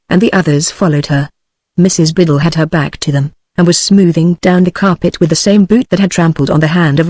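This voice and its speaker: A woman's voice: on the low side, no room sound. Synthetic British woman reading a story. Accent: British English. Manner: even synthetic reading with little character change. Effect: text-to-speech voice. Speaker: audiobook narrator. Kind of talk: scripted narration.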